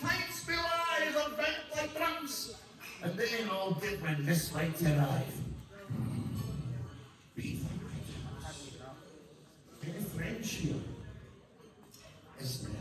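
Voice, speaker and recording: A Scottish piper in a dramatic, declamatory manner, reciting a poem and then speaking to dinner guests. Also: male voice, very high-pitched. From Scotland. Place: indoor banquet hall. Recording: echoey hall from far off, crowd noise. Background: crowd of diners.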